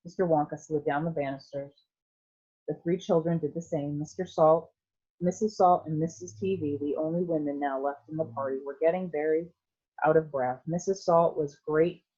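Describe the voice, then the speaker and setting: A woman teacher reading a novel aloud to her students in a clear, steady storytelling manner. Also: sits low, normal speed, dull audio.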